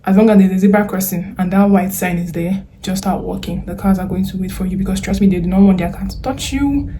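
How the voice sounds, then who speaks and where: A woman's voice: medium pitch, fast, dark tone, slight background noise. A young Nigerian woman with a Nigerian accent, giving chatty, earnest advice in a casual vlog, full of fillers and slang. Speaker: vlogger.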